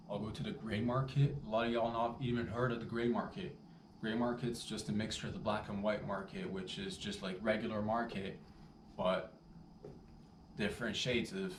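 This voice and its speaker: A man hosting a podcast, delivering a rambling, profane comedic monologue with animated asides. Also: on the low side. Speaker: podcast host. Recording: roomy, distant mic with faint background noise.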